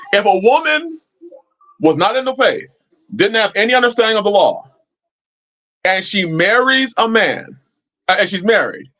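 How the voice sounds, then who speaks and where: A man hosts a live-chat stream, talking casually and a bit preachily and swearing freely as he answers viewers. His voice is high and slightly bright.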